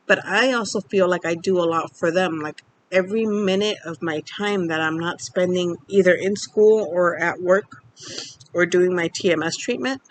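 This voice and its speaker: A woman's voice: on the low side, normal speed, slight background noise. A young woman in her twenties, from Mexico, candidly telling a personal story in a casual vlog, rambling with lots of fillers. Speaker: vlogger.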